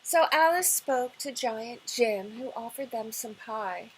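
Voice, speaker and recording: A woman librarian reading a picture book aloud at storytime in a gentle, expressive way. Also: on the high side, takes it slowly, hardly any pauses, background noise. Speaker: children's librarian.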